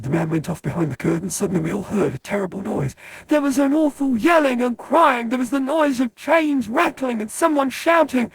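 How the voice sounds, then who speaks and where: Someone voicing a raspy animatronic storyteller. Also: sits high, no room sound, heavily acted. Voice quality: very raspy and creaky. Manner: slow, dramatic tale-telling. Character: raspy animatronic spinning a spooky tale. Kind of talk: fan voice acting of a poem.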